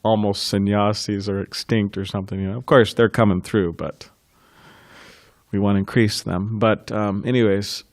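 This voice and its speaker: A man giving a temple scripture class, telling stories in an informal way and laughing softly between thoughts. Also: lowish voice, little pitch movement, moderate pace, no room sound, studio quality. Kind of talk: reminiscing temple class talk.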